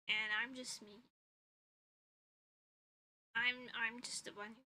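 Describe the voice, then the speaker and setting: In a low-quality recording, a woman's voice comes through on the high side, pushed and bright, level in tone and slow with long pauses. A vtuber streamer and illustrator, she chats casually from home in her room, rambling with giggles and swears while tired and congested.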